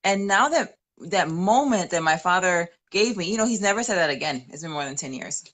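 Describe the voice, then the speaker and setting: Earnest low-voiced woman telling a story. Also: lively intonation, fairly quick, fairly bright tone. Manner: earnest storytelling, slips in Spanish phrases. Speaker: co-host of a manifesting live stream. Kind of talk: casual testimonial chat.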